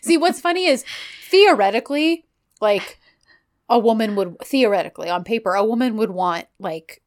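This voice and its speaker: A woman's voice: medium pitch, normal speed. Chatty woman retelling a show. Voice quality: animated, acts out characters' lines while retelling. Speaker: podcast co-host recapping a TV series. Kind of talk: casual chat.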